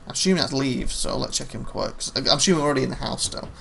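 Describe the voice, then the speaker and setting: A man playing a story game, reading its text aloud plainly with quick offhand comments. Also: medium pitch, creaky, a bit bright, faint music behind. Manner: reads narration plainly, quick offhand asides. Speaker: let's play host.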